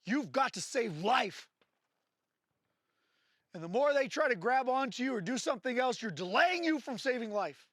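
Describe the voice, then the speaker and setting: A man's voice: very high voice, expressive, normal speed, pauses often, a bit bright, no room sound, clean studio sound. A man working as a firearms instructor, explaining drills to his class with jokes and then barking short range commands. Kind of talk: live training-class instruction.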